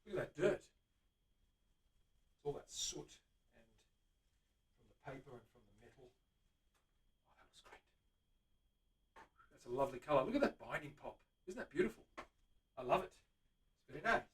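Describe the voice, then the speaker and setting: A chatty man with a high-pitched voice hosts a live stream from his guitar workshop. He greets viewers by name and hums while he works. His voice sits back from the microphone. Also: lively intonation, moderate pace, pauses often, far from the mic. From Australia. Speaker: luthier host. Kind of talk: casual live-stream chat while working.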